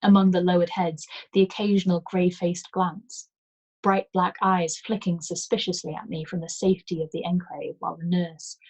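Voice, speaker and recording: A woman reading a novel aloud as a storyteller, in calm, measured first-person narration. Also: on the low side.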